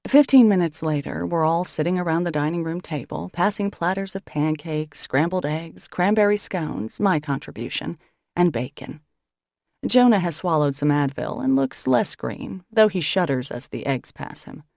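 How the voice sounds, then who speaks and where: A woman reads a first-person novel with a low, gravelly voice. Her delivery is wry and conversational. The recording is dry and close. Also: expressive, normal speed, a little mellow, no echo. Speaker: audiobook narrator.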